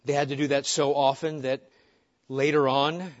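A man preaching a sermon as pastor, asking his listeners question after question and moving between loud emphasis and soft pleading. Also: fairly high pitch, little pitch movement, normal speed. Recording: muffled lo-fi sound.

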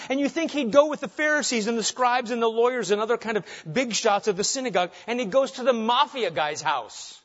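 Emphatic male preacher, lo-fi sound. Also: sits high. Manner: emphatic preaching, dropping soft on key phrases and rising when animated. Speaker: pastor. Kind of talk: sermon.

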